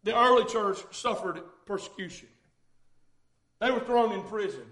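A man preaching a fervent sermon in a church, swinging from hushed tones to loud shouting and calling out "hey, listen.". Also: high voice, normal speed. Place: church sanctuary. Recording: echoey church room.

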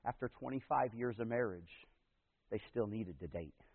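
Male pastor, sermon delivery, husky tone, emphatic build-ups, tinny lo-fi phone-like audio. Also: lowish voice, normal speed, long reverb tail. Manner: preaching, rising to loud emphatic peaks.

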